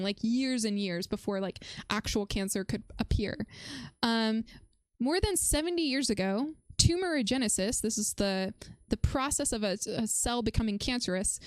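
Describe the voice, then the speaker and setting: A woman's voice: on the high side, no room sound, studio quality. A woman live-streaming as she reviews a research paper, chatting playfully with viewers and breaking her explanations with fillers and restarts.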